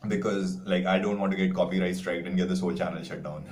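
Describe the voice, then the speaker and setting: A man's voice: low-pitched, steady tone, quick pace, a little mellow, poor audio. A man teaching an online class, talking earnestly in a rambling way with many "like" fillers. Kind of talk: online video lecture.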